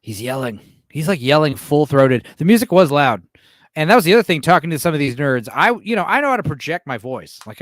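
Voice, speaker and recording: A man's voice: medium pitch, very animated, brisk, dry recording, studio quality. Profane, rambling man in his late thirties. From Texas. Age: late 30s. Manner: loose, profane, chuckling, lots of fillers and restarts. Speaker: streamer host. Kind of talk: casual rambling stream chat.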